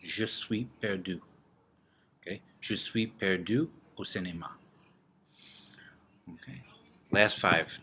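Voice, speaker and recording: Male teacher, low voice, slow patient drill delivery, faint room ambience behind. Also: sharp tone, a little hiss or hum. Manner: slow, repeats words and drills with gestures. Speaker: French teacher. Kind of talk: classroom vocabulary lesson.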